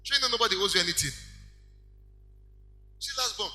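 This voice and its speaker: Animated preacher man, bright voice. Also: high-pitched, brisk. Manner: animated preaching, acting out little dialogues. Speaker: pastor. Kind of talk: sermon. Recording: echoey hall with faint music.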